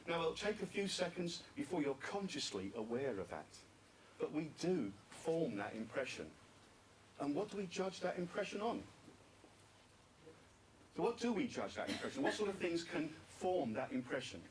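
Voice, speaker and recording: Guy giving a talk at a conference, lively up and down voice, quizzing the crowd, mic kinda far off with faint noise. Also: fairly high pitch, moderate pace. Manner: asks the audience questions and repeats their answers. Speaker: speaker at a public speaking club conference. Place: conference room with audience.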